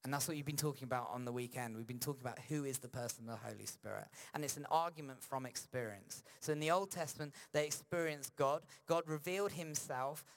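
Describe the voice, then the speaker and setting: A male pastor preaching a sermon in a church, moving between lively emphasis and slow, hushed reflective passages. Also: mid-range voice.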